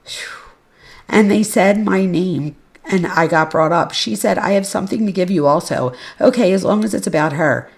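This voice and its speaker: Woman podcast host, fry in the voice, reads records with offhand, blunt commentary. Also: on the low side, normal speed. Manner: casual and blunt, with offhand asides and swearing. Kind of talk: reading case records aloud with commentary.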